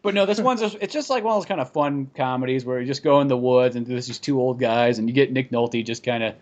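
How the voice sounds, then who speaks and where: A man's voice: medium pitch, quick pace, darkish tone, highs cut off. A man co-hosting a podcast, chatting loosely about movies and laughing often. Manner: rambling, laughs often, acts out lines from scenes. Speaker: podcast co-host. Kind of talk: casual chat about movies.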